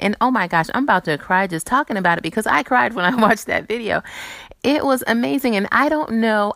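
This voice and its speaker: A woman in her thirties hosting a casual chat show, telling stories in an animated way and acting out quoted voices. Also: mid-range voice, dry recording. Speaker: host. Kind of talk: casual chat and movie previews.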